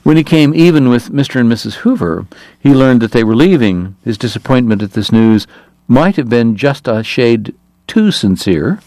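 A man giving steady scripted narration of a novel. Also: medium pitch, normal speed, no room sound. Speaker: audiobook narrator.

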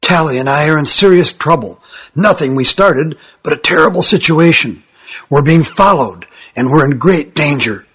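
A man's voice: a little high, animated, moderate pace, slightly rough. Narrator doing sturdy young fugitive, urgent, secretive, near his own voice, storybook. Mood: urgent whisper. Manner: urgent, hushed, pleading. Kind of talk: audiobook character voice.

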